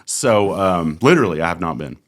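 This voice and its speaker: Profane, rambling comedian. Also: male voice, low voice, animated, a little fast. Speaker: podcast host and comedian. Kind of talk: casual chat.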